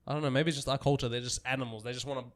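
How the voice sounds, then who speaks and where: A young man chatting casually with friends, animated and laughing often. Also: medium pitch, rapid-fire, a crowd in the background. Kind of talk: casual chat.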